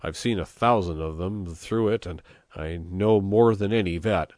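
A man reading an audiobook, voicing an old male cowhand who speaks in a hushed, knowing way. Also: low voice, a little slow, no room sound, clean studio sound. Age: older. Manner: whispering.

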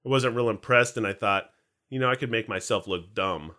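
A man's voice: fairly low pitch, fairly quick, pushed and bright. A man co-hosting a podcast, chatting casually in a jokey, rambling way. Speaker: podcast co-host. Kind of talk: casual chat.

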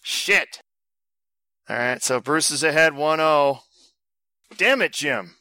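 A man's voice: a little high, expressive, slow, pushed and bright, dry recording. A man co-hosting a casual podcast, loose and joking, swearing freely. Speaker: podcast co-host. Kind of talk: casual chat.

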